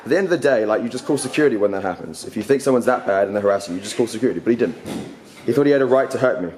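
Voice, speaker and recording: A young man rants off the cuff at a rapid clip, his voice going hoarse from talking so much. He is confrontational and rambling, stumbling over restarts and repeating words as he presses his point. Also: lowish voice, animated, a little mellow. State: getting hoarse. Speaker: vlogger ranting. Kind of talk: heated off-the-cuff rant. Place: indoor university space.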